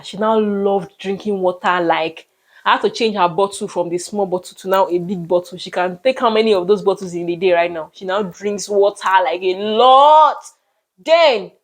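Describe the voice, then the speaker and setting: Young Nigerian woman vlogger, mid-pitched, earnest and emphatic storytelling. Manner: emphatic, repeats words, exclaims to God. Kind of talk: personal storytelling vlog.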